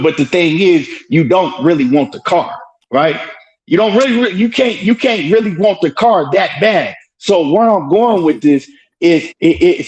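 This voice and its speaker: A man argues his point insistently on a live stream, his voice sitting a little high for a man. He keeps circling back with "right?" and cuts in with repeated "hold on", heard through an earbud mic. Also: a little mellow, breathy edge, highs cut off. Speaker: boxing commentator in a live stream debate. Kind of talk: heated debate on a live stream.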